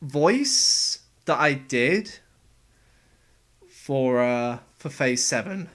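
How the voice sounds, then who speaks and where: A young man casually explaining how he made game voices, talking in a relaxed, halting way. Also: medium pitch. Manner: halting, relaxed, with fillers and restarts. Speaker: game voice actor and sound editor. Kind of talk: casual developer commentary.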